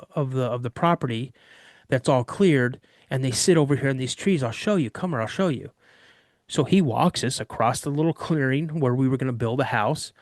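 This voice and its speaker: A man from Washington State telling a childhood story in a casual first-person way, acting out the dialogue in quick, animated bursts. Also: medium pitch, no room sound, studio quality. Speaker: eyewitness recounting a personal encounter.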